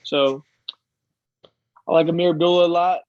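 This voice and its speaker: A man co-hosting a sports podcast, his voice a little higher than most men's. He makes his points earnestly, stopping and restarting with plenty of ums. The mic sounds dull and very dry, with no room at all. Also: steady tone, normal speed, a little mellow, dry recording. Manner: earnest, lots of ums and restarts while making his case. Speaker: podcast co-host. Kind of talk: casual sports podcast chat.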